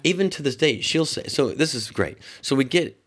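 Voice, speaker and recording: A man telling a rambling, animated anecdote as a talk show guest, full of restarts and quoted dialogue. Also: fairly high pitch, moderate pace, slightly rough. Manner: animated storyteller. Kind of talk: casual anecdote.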